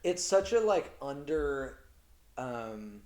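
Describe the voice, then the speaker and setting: Man, film director guest, casual chat, rambling, lots of fillers, average pitch. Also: sing-song, slow, darkish tone. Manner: rambling, heavy use of 'like'.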